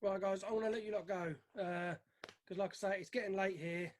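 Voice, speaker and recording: A man's voice: sits high, steady tone, brisk. A man hosting a casual interview, friendly as he closes out the chat. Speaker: host interviewer.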